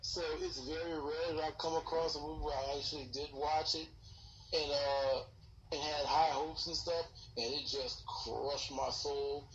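A man's voice: a little high, fairly bright tone, distant mic, muffled recording, slight background noise. A man co-hosting a casual podcast, rambling in slangy talk and laughing easily. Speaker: podcast co-host. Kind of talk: casual chat.

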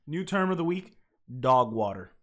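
A man's voice: on the high side, moderate pace. A man co-hosting a casual podcast, swearing freely and laughing often as he rants. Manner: profane, animated, laughing often. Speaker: podcast co-host.

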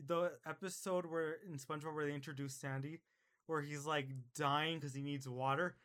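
An excitable man chatting on a casual podcast, cracking jokes and laughing along. His voice sits a little higher than most men's. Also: normal speed, smooth. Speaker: podcast co-host.

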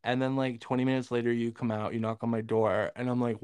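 A man's voice: mid-range voice, level tone, fast talker, darkish tone, smooth, dry recording, studio quality. A young man co-hosting a podcast, telling a story in a teasing, crude way and acting out what he said. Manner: teasing, crude, quotes himself a lot. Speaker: podcast co-host. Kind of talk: casual storytelling chat.

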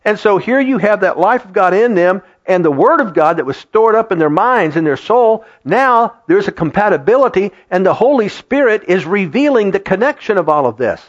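A middle-aged man preaching a sermon to his congregation in an animated, conversational way. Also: high voice, normal speed, few pauses. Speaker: pastor. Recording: dull lo-fi sound.

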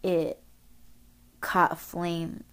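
A woman's voice: on the low side, completely flat delivery, extremely slow, a bit bright, smooth. A woman podcast host telling a story casually, rambling, swearing often and using lots of filler words.

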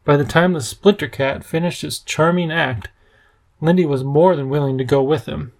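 A man voicing an earnest, worried older professor in a storybook reading, measured and grave, with a bitter edge. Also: fairly high pitch, creaky.

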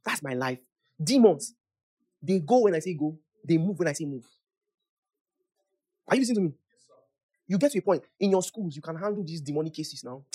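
A preacher delivers a conversational sermon, quizzing listeners and laughing often, then prays aloud in tongues with rising loudness. The mid-range voice is husky and animated, fairly quick, with frequent pauses.

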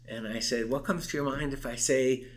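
Older male guest, mid-pitched, emphatic storyteller who voices the people he quotes. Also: fairly even intonation, normal speed. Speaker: interview guest. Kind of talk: recounting a campus case in conversation.

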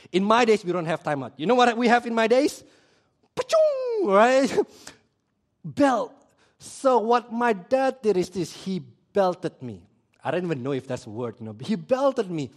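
Male preacher, slightly high voice, animated storytelling sermon. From Indonesia. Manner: animated storytelling, asks the audience questions.

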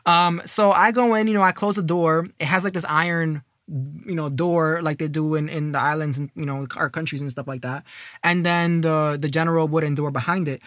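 A young man casually telling a personal story, slangy and animated, with lots of fillers. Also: a little high, fairly quick, no room sound, studio quality.

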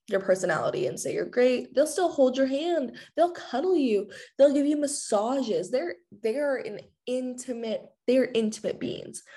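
A woman's voice: a little high, darkish tone. A woman hosting a podcast alone, talking frankly in a candid, chatty, jokey way. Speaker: podcast host. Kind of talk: candid solo chat.

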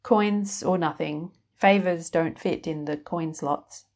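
A woman's voice: low voice, slow, darkish tone. A woman voicing a grumpy laundromat owner who is awkward with people, speaking in a dry, matter-of-fact way.

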